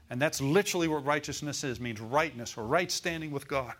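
A man's voice: on the high side, fairly quick, few pauses, fairly bright tone. A male pastor preaching a sermon in a folksy way, asking the congregation for amens and call-and-response.

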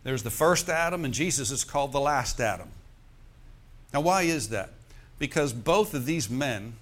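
A man preaching a sermon, slowing down to stress key words and asking the congregation "Amen?" between points. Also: medium pitch, fairly bright tone. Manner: preacher's call-and-response with "Amen?" and "Praise the Lord". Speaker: pastor.

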